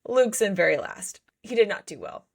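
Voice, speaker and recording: A woman's voice: mid-range voice, normal speed, vocal fry, slightly rough. A woman co-hosting a book podcast in casual chat, acting out the characters' lines as she recaps. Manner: animated, acts out characters' lines. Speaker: podcast co-host.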